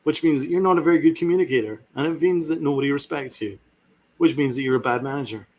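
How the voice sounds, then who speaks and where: A man's voice: a little high, quick pace, darkish tone. A man hosting a sports podcast, ranting with fiery sarcasm and heavy swearing. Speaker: podcast host.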